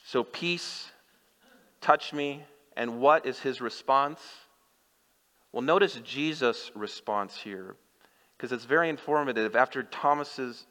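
A man's voice: mid-range voice, takes it slowly, bright, forceful tone. A male pastor preaching a sermon, speaking earnestly and directly to his listeners. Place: church sanctuary. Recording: long church hall reverb.

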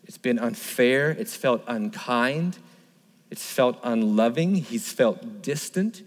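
A man's voice: mid-range voice, animated, slow pace, long reverb tail. A male pastor preaching a sermon, emphatic and repetitive, asking the listeners rhetorical questions.

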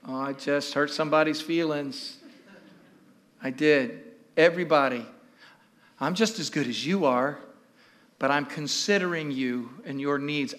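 A male pastor preaching a sermon to his church, animated and repeating questions to the congregation. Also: on the high side, measured pace, pauses often.

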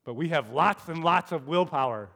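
A man's voice: a little high, expressive, moderate pace, sharp tone, exaggerated voice. A man voicing a sensible, patient male frog in a storybook read aloud. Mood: pleased. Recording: long hall reverb.

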